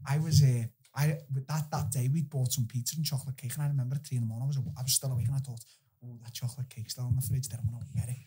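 A young man with a very husky, rough voice holds forth as a podcast guest. He tells his stories loosely and profanely, often breaking into laughter. His pitch sits at an ordinary middle level. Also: fairly even intonation, racing, mellow. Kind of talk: casual storytelling chat.

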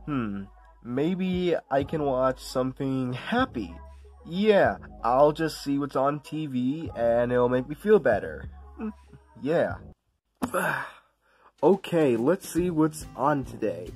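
A man playing a skittish grown-man hero from a homemade comedy sketch, unhurried and stammering, nervous in manner, with an ordinary middle pitch. Faint music plays behind him. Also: animated, a little mellow. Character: jumpy grown man hero, easily scared.

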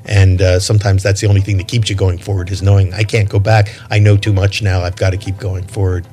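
A man with a somewhat low voice talks at length as an interview guest. He is thoughtful and halting, often repeating words and restarting his sentences while he gathers his thoughts. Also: little pitch movement, warm tone, faint music behind. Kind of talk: reflective interview talk.

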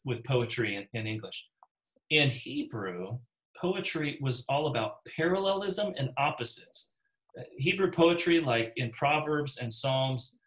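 A man's voice: mid-range voice, fairly bright tone, rough recording. A man leads a Bible class with a mid-range voice and a loose, talky delivery. He calls on people by name and slips into little character voices whenever he quotes someone. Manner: conversational, calls on class members. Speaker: Bible study teacher.

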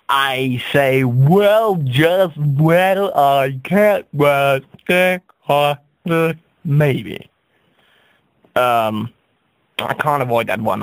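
A man delivering a rambling, absurd comic monologue, stammering and jumping up into high squeaks for effect. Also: no echo.

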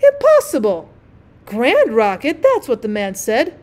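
Lady doing a stuck-up firework rocket guy, snooty and puffed up, kinda loud and raised. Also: a little high, expressive, moderate pace, natural voice. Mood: pompous. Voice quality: haughty, self-important. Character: pompous conceited male firework rocket.

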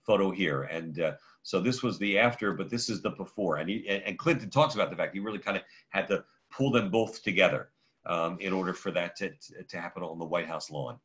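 Bright halting rabbi on a lo-fi call. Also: male voice, sits low. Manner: halting, digressive, takes questions by name. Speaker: rabbi leading a class. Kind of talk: conversational lecture with audience questions. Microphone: video call. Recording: muffled lo-fi online audio.

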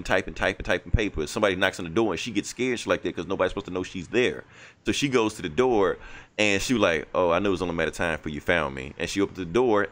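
A man's voice: deep voice, fairly bright tone. A man co-hosting a podcast, casually recapping a comic book in a loose, rambling way. He acts out the dialogue in quotes and swears now and then. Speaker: podcast co-host reviewing comics.

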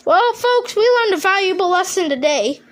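Very high-voiced woman narrating a plush skit. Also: expressive, normal speed. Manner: loud, crude, joking. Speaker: plush video maker, narrator. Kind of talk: improvised plush toy skit.

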